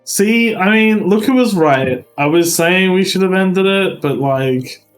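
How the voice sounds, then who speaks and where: A man's voice: high-pitched, lively intonation, measured pace, soft background music. A man bantering and teasing his friends on a casual stream. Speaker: co-player on stream.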